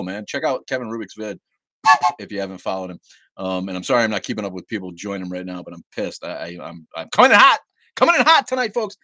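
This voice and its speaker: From his home livestream setup, a man rants angrily, swearing a lot and often repeating and restarting words. His voice is on the low side, and the recording is dry.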